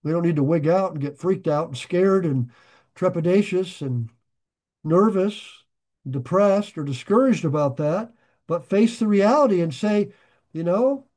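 An older man preaching a sermon, folksy and animated, joking and swinging his volume up and down as he reads scripture. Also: sits high. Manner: folksy, animated preaching with jokes and sudden shifts of loudness. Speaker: pastor.

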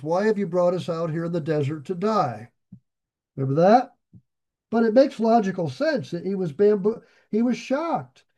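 A man's voice: sits high, warm tone. A middle-aged man preaching, reading scripture aloud and paraphrasing it in plain everyday words. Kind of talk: Bible teaching sermon.

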